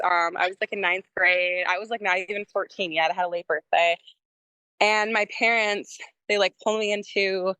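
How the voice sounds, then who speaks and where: A woman's voice: lowish voice, bright, forceful tone, smooth, no room sound, low-quality recording. A young woman musician, a guest on a podcast, chatting casually and rambling with lots of "like" and frequent laughter. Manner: rambling, heavy use of "like", laughs often.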